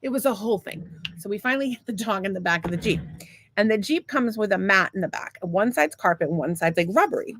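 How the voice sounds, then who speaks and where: A woman's voice: mid-range voice, expressive, fast, a bit bright, a little hiss or hum. A woman co-hosting a podcast, telling a long story in a casual, rambling, profane and self-mocking way. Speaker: podcast co-host.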